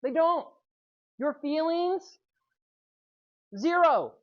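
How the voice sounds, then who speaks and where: A man giving a youth sermon, telling a personal story with lively energy and often checking in with the audience. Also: very high-pitched, drawn-out words, dull audio. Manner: animated storytelling, keeps checking in with "right?". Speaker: youth speaker.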